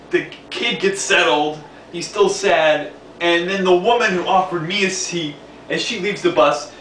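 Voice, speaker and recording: A man's voice: high voice, pushed and bright. A man from the New York City area telling a rambling, casual story, repeating words and laughing along the way. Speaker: vlogger. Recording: echoey room, distant from mic, faint hiss.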